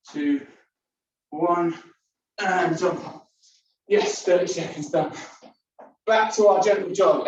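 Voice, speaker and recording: A woman leads an indoor workout class, counting down each set and calling out moves while she exercises along, her breath coming hard between exercises. She talks at an unhurried pace despite the effort. The recording sounds distant and muffled, in a strongly echoing room with a faint hiss. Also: fairly low pitch, a little mellow. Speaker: fitness instructor. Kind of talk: leading a home workout class. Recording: very echoey room, distant mic, dull sound, faint noise.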